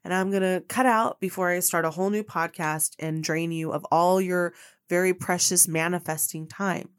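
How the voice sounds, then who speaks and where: A woman's voice: mid-range voice, no echo, studio quality. A woman hosting her own podcast as a manifestation coach, speaking in an earnest, heartfelt monologue and repeating phrases for emphasis.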